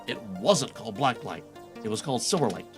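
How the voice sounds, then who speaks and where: A man voicing an exasperated adventurer who keeps correcting another character with deadpan remarks in a game quest fan voice-over. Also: mid-range voice, fairly quick, soft background music, voice pushed down, close to an everyday voice. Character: exasperated young adventurer, nitpicking and sarcastic.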